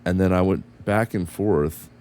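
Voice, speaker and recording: Low-pitched, a bit slow and somewhat mellow, this gravelly American voice belongs to a man casually commenting on a space game he's streaming. As he flies, he mutters and swears to himself and his chat in a blended accent that is neither northern nor southern.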